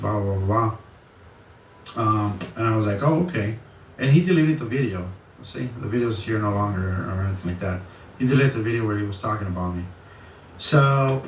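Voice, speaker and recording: A man telling a story in a casual vlog rant, rambling and animated, with swearing. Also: on the low side. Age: adult. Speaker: channel host. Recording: echoey, distant mic, faint noise.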